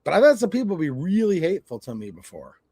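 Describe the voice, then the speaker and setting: A man's voice: fairly high pitch, wildly swooping pitch, quick pace, dark tone, husky, no room sound, clean studio sound. Blunt Michigan man ranting on a livestream. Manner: blunt, swearing, storytelling with quoted exchanges. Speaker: channel host. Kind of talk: casual livestream rant.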